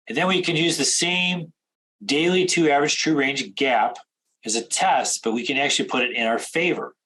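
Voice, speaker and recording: A man coaching traders in a direct instructional talk, firing off rapid questions. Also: fairly high pitch, bright, forceful tone, poor audio. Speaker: trading coach.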